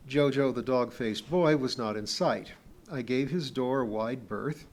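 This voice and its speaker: A male audiobook reader telling a story in plain first-person narration. His voice sits at an average pitch for a man, and he keeps the delivery even and measured. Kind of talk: scripted narration.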